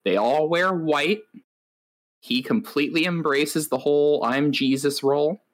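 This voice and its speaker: A man's voice: fairly high pitch, unhurried. A man co-hosting a podcast, telling stories in a wry, rambling way with lots of filler words. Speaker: podcast co-host. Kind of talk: casual chat.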